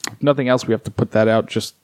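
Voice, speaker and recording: A man's voice: fairly low pitch, steady tone, fast, darkish tone. A man co-hosting a podcast, chatting casually, laughing often and swearing offhand. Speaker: podcast co-host. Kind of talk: casual chat.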